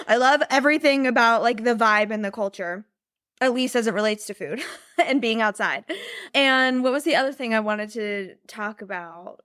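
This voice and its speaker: A woman's voice: fairly high pitch, normal speed, a bit bright, clean tone, dry recording, studio quality. A young woman chatting casually and rambling about a trip, with lots of fillers and laughter. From United States. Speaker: podcast host and business mentor. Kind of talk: casual chat.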